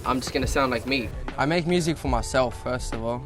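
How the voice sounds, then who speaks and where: A man's voice: medium pitch, brisk, music in the background. A young man with a Western Sydney Australian accent, talking casually in an interview, laid-back and sweary, with lots of fillers. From South-West Sydney, Australia. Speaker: rapper interviewee.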